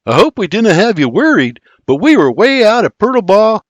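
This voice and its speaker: A man's voice: high-pitched, very animated, normal speed, no echo, voice pushed up. A man doing a cheerful young Irish hunter. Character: friendly young immigrant hunter, sly and easygoing.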